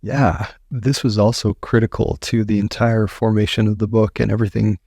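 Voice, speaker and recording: Earnest, slightly gravelly male guest. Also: on the low side, level tone, normal speed, mellow, no echo, clean studio sound. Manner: earnest, emphatic, repeats phrases for effect. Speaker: author and guest. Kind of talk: earnest interview storytelling.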